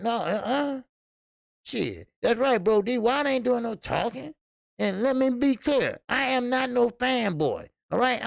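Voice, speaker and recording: Male boxing host, slightly high and very gravelly, blunt, profane, rambling with fillers. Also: no echo, clean studio sound. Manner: excitable, blunt and profane, many repeated fillers. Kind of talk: casual livestream commentary.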